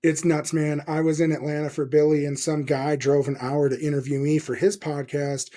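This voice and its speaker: Guy hosting a podcast, kinda high voice but mellow, rambly and fired up, swears a lot. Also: little pitch movement, normal speed. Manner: enthusiastic, profane, rambling with many fillers. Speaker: podcast host. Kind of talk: casual interview chat.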